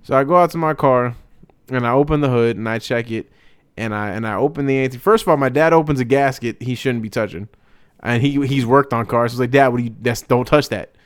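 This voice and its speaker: A man's voice: mid-range voice, brisk, clear, resonant tone, no echo, clean studio sound. A young man telling a long, profane, joking story in a casual chat. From Hispanic family, father speaks Spanish. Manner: animated, profane, jokey storytelling.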